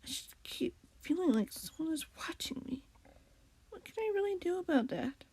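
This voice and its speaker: A woman reading aloud and voicing a worried young male cat who speaks softly and hesitantly. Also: very high voice, animated, normal speed, no room sound, pitched above the performer's own voice. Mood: hushed. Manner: soft, hesitant, troubled.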